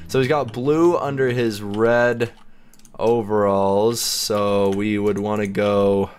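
A man giving casual gameplay commentary as a video host, chatty and self-mocking, laughing often as he goes. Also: medium pitch. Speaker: gaming YouTuber.

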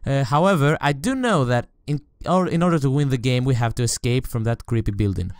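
A man's voice: mid-range voice, animated, fairly quick, clear, resonant tone. A man playing a horror game on camera, talking to the game and his viewers, often shrieking and swearing when scared. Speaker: let's play gamer.

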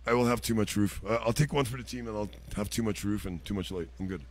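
A man hosting a casual livestream, loud and full of swearing and laughter. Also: fairly low pitch, fast talker, slight background noise. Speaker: livestream host.

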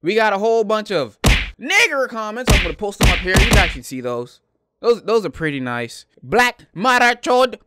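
A YouTuber man reading out comments, answering them with sarcastic, deadpan jokes. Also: high voice, a little fast, loud music behind the voice.

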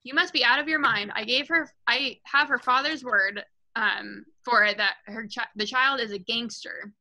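A woman's voice: on the high side, a little fast, sharp tone, rough recording. A woman reading aloud and voicing a huge, bullying female headmistress who barks and mocks. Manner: barking, snapping, mocking.

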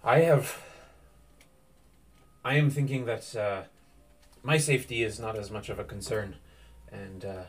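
A man voicing a weary, proud young nobleman in a tabletop game, speaking gravely and formally. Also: lowish voice, steady tone, measured pace, long pauses.

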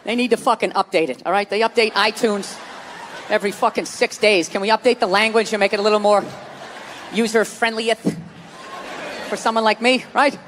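A man's voice: high voice, steady tone, fast. A man doing a stand-up comedy set, ranting in a profane, exasperated way with mocking asides. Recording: live club set with loud crowd noise. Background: audience laughter.

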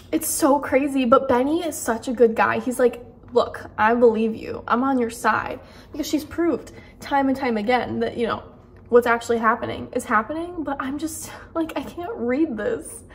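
A woman's voice: a little high, breathy edge. A young woman chatting in a casual reading vlog, gushing and emotional, with lots of fillers. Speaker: book vlogger.

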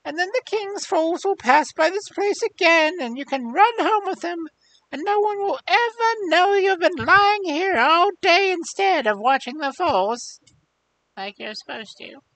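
A man voicing a scheming old woman from a folk tale, with a high, coaxing, shrill croon. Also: lively intonation, measured pace, sharp tone, heavily acted, poor audio. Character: cackling old woman spinning in a rock cleft, wheedling.

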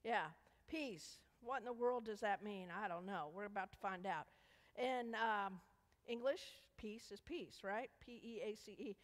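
A woman's voice: medium pitch, a little slow. Playful woman leading a children's sermon. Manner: playful, coaxing questions to children. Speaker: children's message leader. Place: church sanctuary. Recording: echoey church hall.

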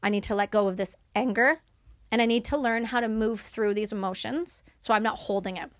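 A young woman speaking as a podcast guest, telling a candid story in animated, fast bursts and swearing freely. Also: mid-range voice, no echo, studio quality.

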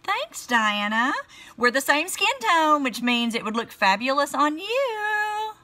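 On a casual beauty live stream, a middle-aged woman with a Southern American accent swatches lipsticks and greets viewers by name. Her high voice swings widely in pitch, sounds sharp, and moves at a slow pace.

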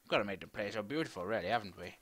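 A man's voice: lowish voice, very fast. A middle-aged man giving rambling, chatty commentary while playing a game. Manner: chatty, rambling, bursts into excited squeals. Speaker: gaming commentator. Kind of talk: casual let's-play commentary. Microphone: desk microphone with face cam.

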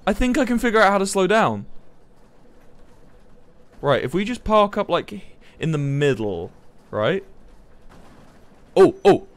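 A young man, commentating a live game stream in a flustered, excitable way, swearing and laughing. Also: sits high, a little slow, pauses often, no echo. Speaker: livestreamer.

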